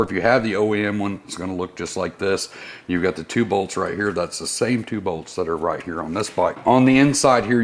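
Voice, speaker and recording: A man, a service technician, casually walking through a motorcycle part install step by step in a workshop. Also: low-pitched. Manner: casual, step-by-step instructional, friendly shop talk. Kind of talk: how-to install demonstration.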